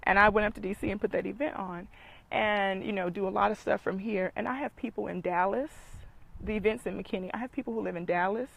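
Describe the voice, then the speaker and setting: A woman's voice: medium pitch, steady tone, quick pace, gravelly, fairly bright tone, rough recording. A middle-aged woman, giving an emphatic motivational talk as a dating coach and speaker, preaching and repeating points for emphasis.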